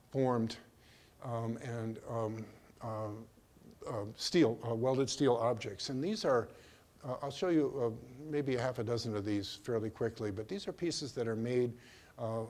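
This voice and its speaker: An older man giving a slide lecture on his own work, speaking in a hesitant way with many pauses and restarts. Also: mid-range voice, a little mellow. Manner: hesitant, full of ums and restarts. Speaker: artist giving a museum talk.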